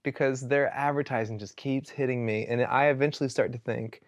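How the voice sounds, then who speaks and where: A man who is a worship pastor talks through scripture stories in a loose, animated way, full of casual fillers. His voice sits at an ordinary middle pitch for a man. The sound is dry and close, with no room echo. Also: fairly quick, few pauses. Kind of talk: conversational teaching, retelling scripture stories.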